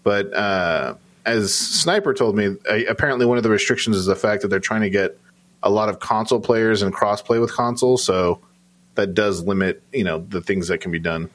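A man's voice: fairly low pitch, normal speed. A man co-hosting a casual gaming podcast, talking loosely with lots of fillers. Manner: rambling, filler-heavy. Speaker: podcast co-host. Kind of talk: casual chat.

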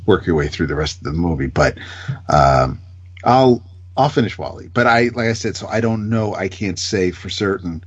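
A man's voice: sits low, expressive, normal speed, breathy edge, highs cut off. A man co-hosting a podcast in casual chat, hesitant and stammering as he talks. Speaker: podcast co-host.

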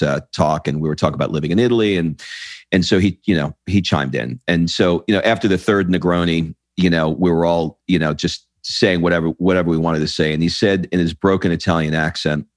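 Man from the US, deep voice, dry close sound, lively storytelling host. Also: dry recording. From United States. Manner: animated storyteller, rising excitedly. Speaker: podcast host. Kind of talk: casual interview chat.

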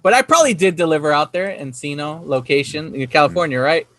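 A man's voice: fairly high pitch, fast talker, fairly bright tone, no echo. A man hosting a casual podcast chat, rambling and cursing freely while telling stories. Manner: profane, rambling storytelling. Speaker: podcast host.

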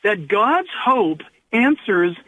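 A man, a pastor, speaking earnestly as a radio interview guest and slowing down to stress his points. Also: high voice, very animated, pushed and bright, dry recording. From Southern California. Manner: earnest, preacherly, slows for emphasis. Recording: tinny phone line.

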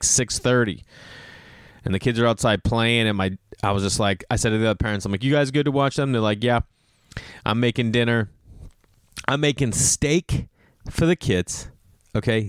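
A man in his thirties talks through a casual podcast monologue, bouncing between plain talk and raised voices when he acts out other people. His voice is smooth and resonant, and the recording is dry and close with no room around it. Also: medium pitch, no room sound. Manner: animated storytelling, mimics dudes and kids in raised voices. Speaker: podcast host.

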